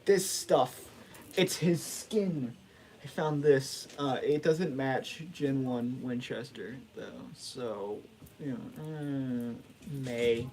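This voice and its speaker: A man's voice: medium pitch, slow pace, a little mellow, a little hiss or hum, rough recording. A man hosting a casual livestream, rambling and joking at his own expense, laughing and restarting often. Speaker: livestream host.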